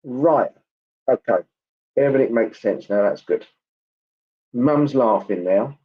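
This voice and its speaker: A man giving a clairvoyant reading at a church service, chatty and halting, with many ums and asides. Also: mid-range voice, animated, husky, highs cut off. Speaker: spiritualist medium.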